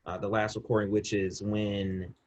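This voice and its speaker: A man's voice: on the low side, level tone, normal speed. A man co-hosting a podcast, giving a casual, rambling movie review with frequent restarts. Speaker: podcast co-host.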